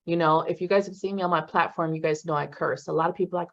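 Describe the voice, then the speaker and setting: A woman's voice: lowish voice, racing, hardly any pauses, highs cut off. Blunt, cursing woman leading a class. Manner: blunt, swears freely, animated bursts. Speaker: class facilitator. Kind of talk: casual motivational class talk.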